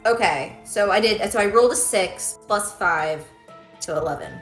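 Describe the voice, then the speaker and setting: A woman's voice: medium pitch, expressive, moderate pace, faint music behind. A woman playing a tabletop game, asking unsure questions about the rules. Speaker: player. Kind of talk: casual tabletop game chat. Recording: roomy echo.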